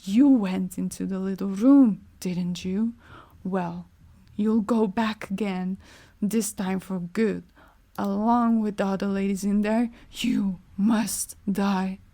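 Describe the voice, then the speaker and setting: A woman voicing a cruel nobleman husband, slow, low and threatening. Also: steady tone, dark tone.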